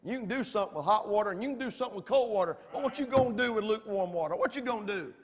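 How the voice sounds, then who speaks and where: A pastor preaching a folksy, emphatic sermon full of storytelling. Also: male voice, high-pitched, rapid-fire. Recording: long reverb of a church hall.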